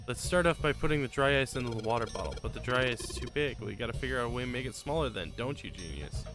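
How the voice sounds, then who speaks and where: A man on a live stream works through a puzzle game, reading lines aloud in a voice of ordinary pitch. He grumbles and curses casually between clues, with the game's music clearly audible under his voice. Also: very fast. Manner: reads game dialogue aloud, mutters and curses in frustration. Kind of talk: casual let's-play commentary.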